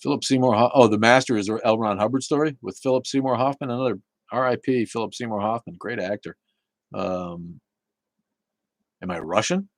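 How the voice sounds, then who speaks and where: A man hosting a casual live talk show, rambling and swearing, with many halting restarts as he answers viewer chat. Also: mid-range voice, no echo, rough recording.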